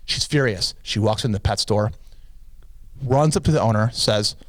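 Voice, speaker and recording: A man co-hosting a podcast, telling a long joke in casual chat and pitching his voice up to play the characters. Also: moderate pace, no room sound. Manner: animated storyteller, pitches voice up for characters. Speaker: podcast co-host.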